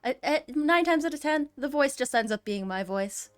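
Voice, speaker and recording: A woman's voice: sits high, animated, normal speed, no echo. A woman on a casual stream panel, speaking hesitantly and self-deprecatingly.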